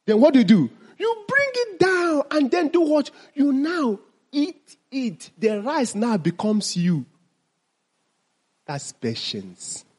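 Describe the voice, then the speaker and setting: Husky, lively man teaching a group. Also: extremely high pitch, slow pace. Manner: asks the audience questions and answers them himself. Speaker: mindfulness teacher. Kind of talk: teaching talk to an audience.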